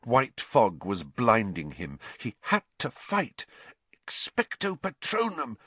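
A man narrating an audiobook in a measured, suspenseful way, dropping low for dark passages. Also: big pitch swings, breathy edge, dry recording.

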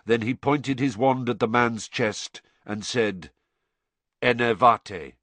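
A man narrating an audiobook in a measured, low-key storytelling manner. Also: no echo. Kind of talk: scripted narration.

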